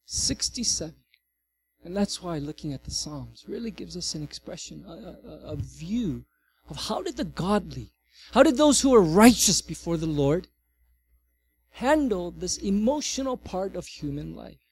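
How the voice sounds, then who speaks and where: A middle-aged male pastor giving a sermon, swinging from loud, emphatic passages to soft, quiet ones. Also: high-pitched, a little slow. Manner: animated, varies loudness widely.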